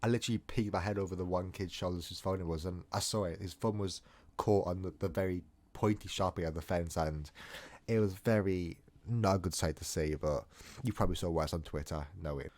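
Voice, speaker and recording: A young man tells a story in a loose, rambling way and keeps breaking off into self-mocking jokes. His voice sits low and deep. He talks as if to friends, casual and unscripted. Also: fairly quick, darkish tone. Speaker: storytime vlogger.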